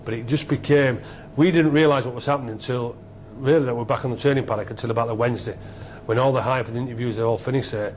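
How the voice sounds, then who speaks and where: A middle-aged man, a former rugby captain being interviewed, telling stories excitedly and repeating himself. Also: medium pitch, quick pace, a little hiss or hum. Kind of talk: animated storytelling interview.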